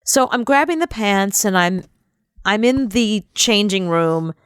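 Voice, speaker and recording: A young adult woman co-hosting a radio show, telling a rambling, animated anecdote in casual chat. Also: medium pitch, measured pace, clean tone, dry recording, clean studio sound. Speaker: radio co-host.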